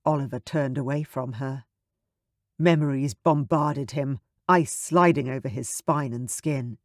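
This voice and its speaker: A man narrating a romance audiobook in an even, measured way. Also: mid-range voice, dry recording, studio quality.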